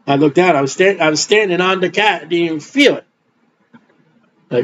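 Middle-aged male preacher, high-pitched, blunt rambling delivery, muffled lo-fi recording. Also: fairly quick, a bit bright, slight background noise. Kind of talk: informal sermon. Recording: dull lo-fi recording.

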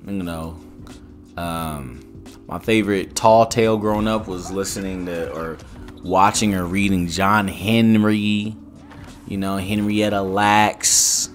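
A man's voice: sits low, steady tone, slow, soft background music. A young man commenting on a game pack opening, rambling and joking, with slang and exasperated outbursts. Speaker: gaming YouTuber.

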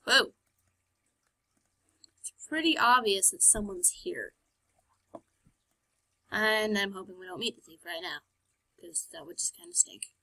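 A woman's voice: fairly high pitch, sharp tone. Female gamer, sarcastic play-by-play, voice swings up and down a lot. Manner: chatty, sarcastic, talking back to characters. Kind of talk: let's play commentary.

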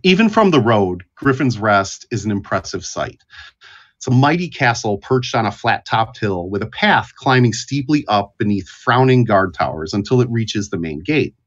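Brief: male game master, expressive narration, muffled sound. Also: fairly low pitch, normal speed. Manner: descriptive, with fillers. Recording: dull lo-fi audio.

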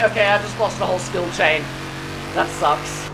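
A young man giving live commentary while streaming a racing game, excitable and whooping at near misses. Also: high-pitched, normal speed. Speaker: gaming streamer. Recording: game audio with engine noise.

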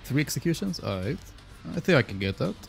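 A man streaming a game live, chatting casually with viewers, excitable and swearing freely. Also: mid-range voice, quick pace, vocal fry, soft background music.

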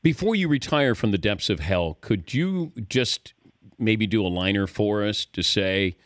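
A male radio host speaks from a dry studio with an animated, rising and falling voice. He jokes easily with his guest and keeps the chat friendly. His delivery is relaxed and conversational. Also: lowish voice, measured pace, no echo. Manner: joking, friendly. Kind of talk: radio interview.

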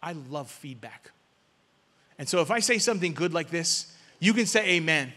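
Male preacher with a high, bright voice, call-and-response sermon, long church reverb. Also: expressive, normal speed. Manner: call-and-response preaching, swings from loud to hushed. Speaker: guest pastor. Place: church sanctuary.

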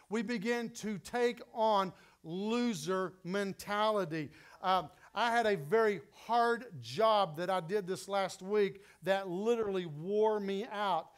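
A man's voice: high voice, takes it slowly, clean tone. A middle-aged man preaching a sermon as pastor, emphatic and repeating his key phrases.

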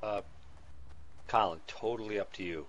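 A man in his forties streaming a game with his son, excitable and laughing, thanking viewers by name. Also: fairly low pitch, moderate pace. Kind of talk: casual game-stream chat.

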